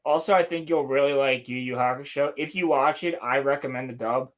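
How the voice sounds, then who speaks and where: A young man co-hosting a casual podcast, talking about anime in an excited, rambling, slang-heavy way. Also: mid-range voice, fairly quick. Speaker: podcast co-host. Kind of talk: casual chat.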